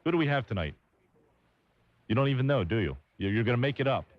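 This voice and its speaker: A man's voice: medium pitch, expressive, no echo. Joking male sports radio host, lo-fi. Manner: quick, joking banter. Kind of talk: call-in sports radio chat. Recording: dull lo-fi AM radio broadcast.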